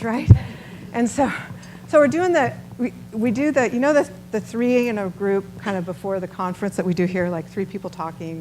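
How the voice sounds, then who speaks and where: A middle-aged woman giving a storytelling talk to a live audience, chatty and animated, often asking the listeners questions. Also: mid-range voice, slight background noise, rough recording. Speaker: nonprofit founder giving a talk.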